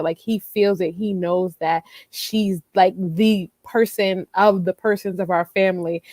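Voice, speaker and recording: Animated woman telling a story, dry sound. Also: medium pitch, no echo. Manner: animated storytelling, laughs often. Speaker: panelist. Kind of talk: casual panel discussion.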